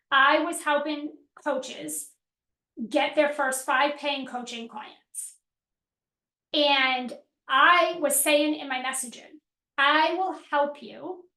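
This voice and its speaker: A middle-aged woman business coach teaching a workshop in a direct, energetic way, asking her audience questions and acting out what her clients say. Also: high voice, roomy sound.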